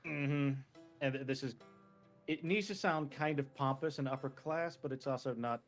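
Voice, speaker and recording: A man's voice: mid-range voice, normal speed, faint music behind. A man chatting casually on a podcast with his friends. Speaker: podcast co-host and player. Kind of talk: casual chat.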